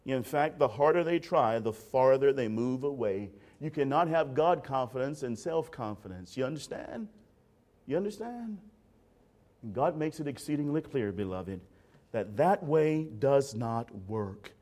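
A man's voice: medium pitch, lively intonation, unhurried, darkish tone. A man preaching a sermon in an emphatic, dramatic way, addressing the congregation directly.

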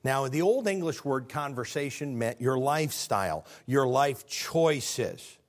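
A man preaching a sermon, earnest and animated, asking the congregation questions. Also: mid-range voice, measured pace.

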